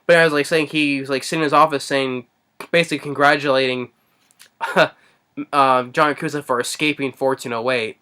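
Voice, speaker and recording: Bright-voiced man rambling through a film recap. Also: medium pitch, fairly even intonation, fairly quick, smooth. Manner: rambling, hesitant, heavy on fillers. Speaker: movie reviewer. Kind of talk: casual spoken movie recap.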